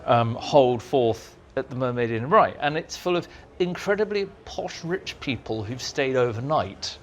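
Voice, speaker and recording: A man, a writer being interviewed at a fan society, telling lively anecdotes and mimicking people in squeaky voices. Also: moderate pace, a little hiss or hum. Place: room at a fan society meeting.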